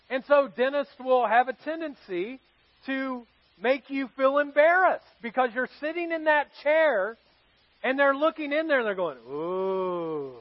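A man's voice: very high voice, no room sound, highs cut off. A man preaching a sermon to his congregation as pastor, telling stories in a conversational way and asking the audience questions. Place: church service with live congregation.

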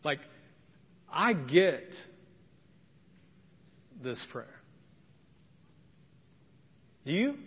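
A man's voice: a little high, big pitch swings, extremely slow, pauses often, husky. A man preaching a sermon as pastor, dramatic, acting out the voices of the people in his story. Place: church sanctuary. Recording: dull, long church reverb.

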